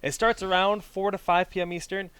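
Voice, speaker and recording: Brief: male esports caster, fairly high voice, chatty and joking, plugs his own shows. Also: little pitch movement, fairly quick, fairly bright tone, clean tone, no echo. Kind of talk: casual pre-game commentary banter.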